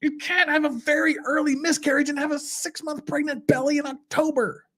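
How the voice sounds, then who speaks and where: A man's voice: extremely high pitch, little pitch movement, a little fast, pushed and bright. A man, a lawyer, giving casual reaction commentary as he reads a blog aloud, talking conversationally with exasperated asides.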